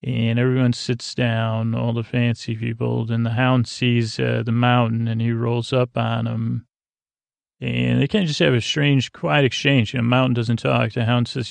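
Man, sleepy rambling recap host; gravelly, monotone, close and dry. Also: mid-range voice, normal speed, no room sound. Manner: rambling, many uh fillers, flat drowsy delivery. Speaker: podcast host recapping a TV episode.

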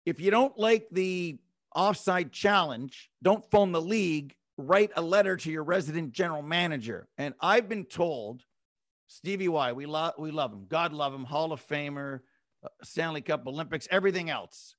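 Punchy high-voiced male podcast host. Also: no room sound, studio quality. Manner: punchy rhetorical questions and quick answers. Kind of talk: sports talk podcast.

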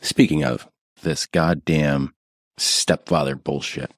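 A man's voice: a bass voice, steady tone, slow pace, dry recording, studio quality. A man co-hosting a podcast, chatting crudely and riffing with profanity. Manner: profane, riffing, acts out voices in quotes. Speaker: podcast co-host. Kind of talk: crude casual chat.

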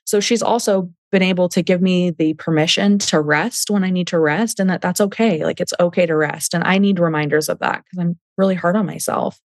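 A woman's voice: fairly low pitch, fairly quick, few pauses, no echo. A woman, a nurse, talking frankly as a guest in an interview, swearing freely and telling stories with energy. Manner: frank, foul-mouthed, lively storytelling. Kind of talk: casual interview chat.

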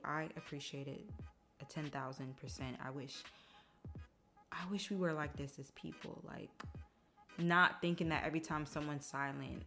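A young woman with a low-pitched voice hosts a podcast at a moderate pace, talking casually and emotionally about her life. Chatty, she acts out what others said in animated voices, with faint music playing behind her.

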